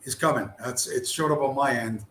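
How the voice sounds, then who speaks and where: A man's voice: mid-range voice, normal speed, a bit bright, slight background noise. A man giving blunt, sarcastic, heavily profane commentary on a video he is sharing. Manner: blunt, heavy swearing, sarcastic. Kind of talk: profane commentary over a screen-shared video. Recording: echoey room with faint ambience.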